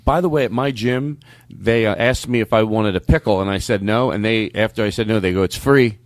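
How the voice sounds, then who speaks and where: A man's voice: on the low side, brisk, no echo. A man hosting a talk show, joking about himself and overthinking small things. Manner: animated, self-mocking, overthinking. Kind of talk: casual talk show banter.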